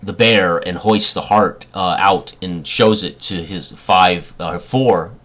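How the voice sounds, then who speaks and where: A man's voice: sits low, slow, a bit bright. A man running a tabletop role-playing game as game master, describing scenes with many fillers and restarts.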